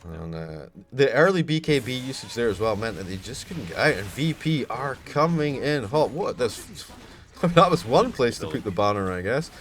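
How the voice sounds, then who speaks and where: A Scottish man commentating on a live esports match, chatty between plays and shouting with excitement when a fight breaks out. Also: medium pitch, normal speed. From Scotland. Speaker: esports caster.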